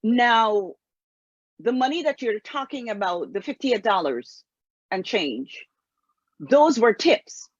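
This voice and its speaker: Slow, careful woman host. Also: on the high side, lively intonation, husky, no echo. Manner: careful, deliberate questioning. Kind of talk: interview questions. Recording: dull lo-fi sound.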